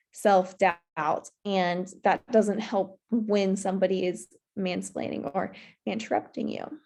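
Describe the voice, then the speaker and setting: A woman of average pitch gives a presentation in a virtual workshop. She speaks earnestly, with many "you know" fillers, as she gives advice. The audio comes through a video call mic. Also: dark tone.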